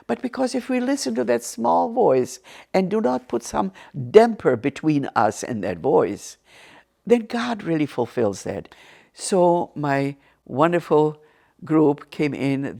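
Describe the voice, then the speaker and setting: A woman's voice: low voice, creaky, mellow. A woman telling her faith testimony as an interview guest, vividly storytelling and acting out the dialogue she recalls.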